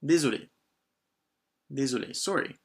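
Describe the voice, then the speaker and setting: In a husky, medium-pitched voice at a moderate pace, a man reads a scripted lesson for language beginners. He stays patient and encouraging, repeats things often, gives short prompts, and mixes French phrases in with English.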